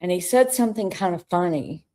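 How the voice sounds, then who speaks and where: A woman's voice: fairly low pitch, expressive, a little fast, warm tone. A woman co-hosting a talk show, candidly telling an emotional personal story in conversation. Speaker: co-host.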